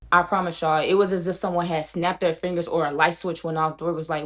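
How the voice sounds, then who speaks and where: Brief: a young woman vlogger with a lowish voice, animated storytime delivery. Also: racing, few pauses. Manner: animated, addresses viewers as "y'all". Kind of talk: storytime vlog.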